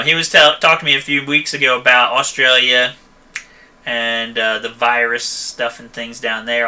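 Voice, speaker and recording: A man's voice: mid-range voice, bright, forceful tone. A man who runs a van repair shop, hosting a casual live stream and answering viewer questions in a rambling, chatty way, often tagging "okay?" and "you know.".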